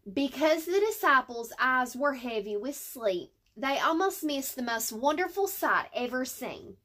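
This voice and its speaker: A woman teaching a Bible story lesson, reading slowly and deliberately with fillers and self-corrections. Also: sits high, fairly bright tone.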